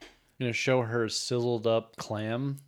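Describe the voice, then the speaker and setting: A man's voice: mid-range voice, flat delivery, measured pace, clear, resonant tone. A man co-hosting a casual podcast chat. He swears freely and acts out movie lines in funny voices. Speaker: podcast co-host.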